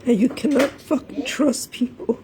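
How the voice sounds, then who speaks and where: A grieving mother crying and speaking in a hushed, often whispered voice in an emotional appeal. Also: high voice, fairly even intonation, moderate pace, a little hiss or hum. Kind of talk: emotional live video appeal.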